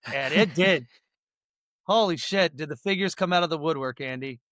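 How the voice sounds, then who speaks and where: A man's voice: fairly high pitch, brisk, a bit bright, dry recording, studio quality. A man co-hosting a podcast, recapping a movie in a loose, rambling way with lots of swearing and fillers. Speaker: podcast co-host. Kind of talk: casual movie recap chat.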